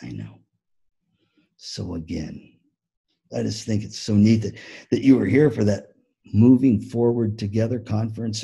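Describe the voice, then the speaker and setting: A man's voice: on the low side, creaky, breathy edge. A man giving a conference keynote talk to music educators, telling stories animatedly and acting out the people in them. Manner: animated storytelling with acted-out quotes. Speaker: keynote speaker.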